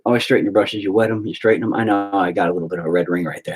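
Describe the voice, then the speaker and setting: A man's voice: low voice, rapid-fire, hardly any pauses, breathy edge, rough recording. A man ranting in a profane, rambling way while painting in a casual vlog at home. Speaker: vlogger.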